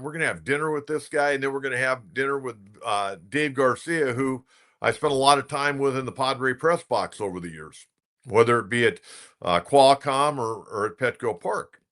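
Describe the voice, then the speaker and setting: A middle-aged man with a bright, forward voice, talking like a seasoned sports radio host. He wanders through an anecdote in casual commentary, doubling back and restarting phrases as the memories come. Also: mid-range voice.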